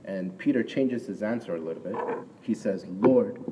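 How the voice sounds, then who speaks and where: Heard from a distance in a hall with long reverb and faint ambience, a pastor with a lowish voice delivers a sermon at normal speed over a noisy background. His style is conversational, punctuated by frequent "right?" check-ins and emphatic bursts.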